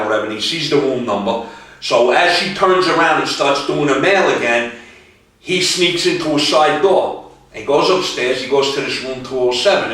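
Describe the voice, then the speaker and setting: A man's voice: mid-range voice, a bit bright. Brooklyn man with an echoey, distant sound. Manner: retells scenes at length, acting out the characters' lines. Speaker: movie review co-host. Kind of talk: casual movie review chat. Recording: echoey room, voice from off the mic.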